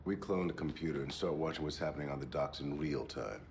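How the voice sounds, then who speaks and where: An actor playing a male police investigator who lays out the next step flatly, in a clip from a TV drama. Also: extremely low pitch, fast talker, vocal fry, a little hiss or hum. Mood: matter-of-fact.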